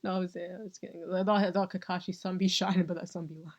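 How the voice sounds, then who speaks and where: A woman in casual chat, ranting and joking in a loud, profane, slangy way, with a squeaky, nasal voice and added echo on her mic. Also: level tone, fast, muffled recording.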